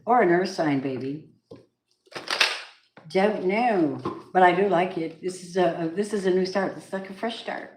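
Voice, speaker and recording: Excitable lady doing a tarot reading, lowish voice, echoey room w faint hiss. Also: a little slow, long pauses. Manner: chatty, excitable, gasps and laughs, breaks into song. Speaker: tarot reader. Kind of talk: casual tarot reading livestream.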